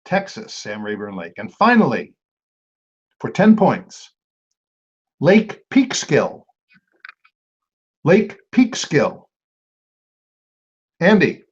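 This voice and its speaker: A man hosting a trivia quiz, reading clues aloud and repeating each one slowly. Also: fairly high pitch, huge pitch swings, slightly rough. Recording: dull lo-fi amateur recording.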